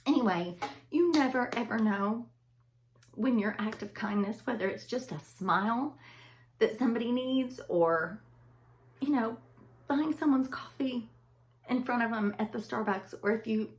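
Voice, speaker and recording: A woman's voice: a little high, a little slow, pauses often. Woman, heartfelt personal storytelling, rambling, emotional, talking to viewers. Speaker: vlogger telling a family story.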